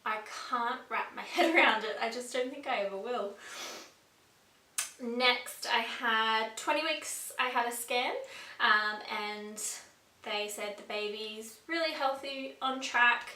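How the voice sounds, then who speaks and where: Bright-voiced pregnant woman vlogging. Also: on the high side, takes it slowly. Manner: chatty and upbeat, with frequent fillers. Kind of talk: casual vlog chat. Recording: echoey room, mic a bit distant.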